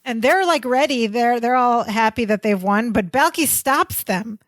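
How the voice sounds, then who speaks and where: A woman's voice: fairly high pitch, lively intonation, normal speed, no echo. Chatty woman recapping a sitcom. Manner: chatty, amused narration. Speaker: podcast co-host. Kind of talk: casual episode recap.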